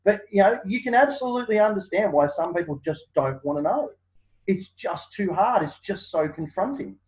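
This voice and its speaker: A man's voice: sits high, normal speed. A man, a guest in a casual interview, telling stories animatedly and acting out what people say, with many fillers. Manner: animated storyteller, acts out quotes, many fillers. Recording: dull lo-fi sound.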